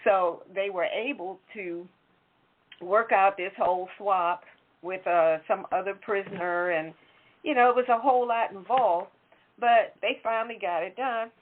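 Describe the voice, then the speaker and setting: A talk-show host chats casually about politics, correcting herself as she goes, in a medium-pitched, slightly slow voice. The audio sounds tinny, as if over a phone line.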